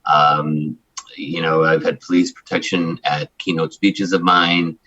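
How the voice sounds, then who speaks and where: A man in his forties from Chicago, a human rights attorney speaking as an interview guest, talking emphatically in fast-flowing runs with frequent restarts. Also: very deep voice, little pitch movement, bright, forceful tone, muffled recording. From Chicago, United States. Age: 40s. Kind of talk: candid interview talk.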